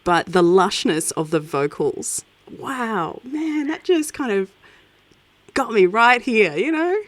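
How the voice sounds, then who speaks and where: Lively, enthusiastic interviewer, dry sound. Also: mid-range voice, takes it slowly, dry recording. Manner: enthusiastic, laughs often. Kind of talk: casual interview chat.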